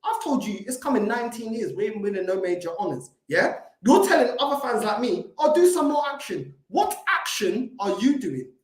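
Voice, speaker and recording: A man's voice: sits high, very animated, fairly quick, few pauses, roomy sound. A man with a London accent hosting a fan live stream, talking in a confrontational, swearing way that often repeats itself. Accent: London English. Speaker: fan channel host. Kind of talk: heated live-stream rant.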